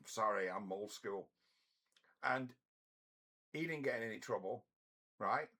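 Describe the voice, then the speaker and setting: A man's voice: on the low side, measured pace, bright, forceful tone. A middle-aged man tells a story in a blunt, profane, rambling way, often restarting his sentences. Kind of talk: casual storytelling monologue.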